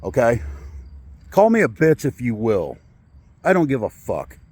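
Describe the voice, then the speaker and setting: A man's voice: medium pitch, sing-song, measured pace, a little mellow, husky. A man in his forties telling a personal story in a vlog, angry and upset, swearing and rambling with many fillers. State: upset, shaky with anger. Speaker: vlogger. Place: in a car.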